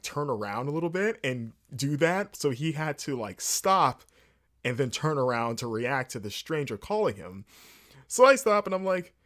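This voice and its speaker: A man hosting a casual games talk show, telling an anecdote with many fillers and restarts and acting out bits of dialogue. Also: medium pitch. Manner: animated storytelling with many fillers and restarts, acting out quoted exchanges. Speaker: host. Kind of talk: casual rambling monologue.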